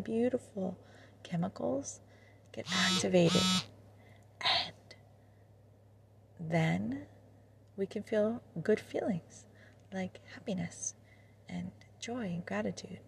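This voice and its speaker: A woman hosting a podcast, leading a guided meditation in a gentle, drifting voice that often drops to a half-whisper. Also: medium pitch, creaky, a little hiss or hum. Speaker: podcast host.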